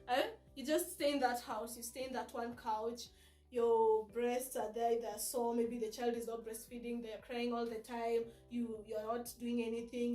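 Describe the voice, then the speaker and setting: A woman's voice: fairly high pitch, a little mellow. A woman hosting a support group talk, giving earnest, direct advice to new mothers and coaxing them along with tag questions. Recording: echoey room with faint music.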